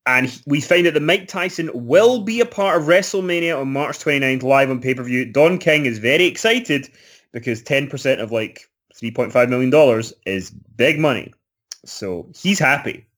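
A man talks in a relaxed, easygoing way and recaps events with frequent fillers. His voice sits at an ordinary middle pitch for a man. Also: moderate pace. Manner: relaxed, recaps with fillers and little acted quotes. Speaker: podcast co-host. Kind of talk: casual chat recapping wrestling.

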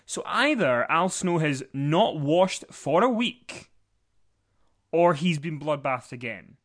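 On this wrestling recap podcast, a co-host talks slowly and expressively in a voice on the high side. He keeps things casual, rambling and cracking jokes with plenty of filler words.

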